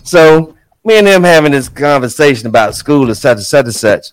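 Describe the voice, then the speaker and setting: A man's voice: mid-range voice, animated, a little fast, soft background music, low-quality recording. A man telling a story in casual chat. He talks with profanity and acts out the quotes with a lot of energy. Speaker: podcast co-host, father.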